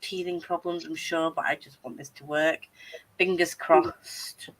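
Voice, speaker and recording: A woman's voice: low-pitched, fairly even intonation, measured pace, slight background noise. A young adult woman hosting a casual chat, rambling along and swearing freely. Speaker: host.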